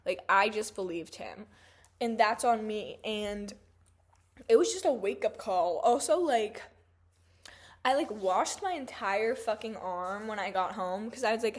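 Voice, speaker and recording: A woman in her twenties telling a story in a casual, profane rant, full of "like" and "um" fillers. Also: mid-range voice. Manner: chatty, profane, animated, lots of "like" fillers. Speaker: vlogger.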